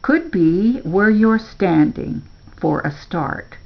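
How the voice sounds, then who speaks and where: A woman doing a gentle old grandpa. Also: medium pitch, animated, slow, lo-fi sound.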